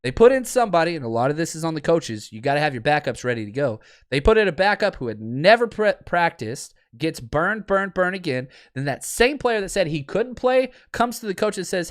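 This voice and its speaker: A man hosting a fan podcast on a livestream, with a voice that sits a touch high for a man. He talks like a fired-up fan, working himself into a lively rant, and gives chat shout-outs in an easy, casual tone. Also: fairly quick, few pauses. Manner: fired-up, animated fan ranting, then laid-back reading of chat. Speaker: podcast host; high school football coach.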